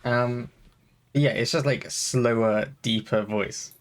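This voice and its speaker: Male podcast co-host, casual and rambling, mid-range pitch, heavy on fillers. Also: steady tone, slow pace. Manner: rambling, many fillers and restarts. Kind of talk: casual chat.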